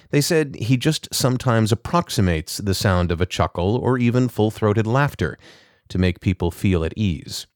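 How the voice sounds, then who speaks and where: Deep-voiced guy reading a story, measured and even, dry close recording. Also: dry recording. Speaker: narrator. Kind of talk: scripted story narration.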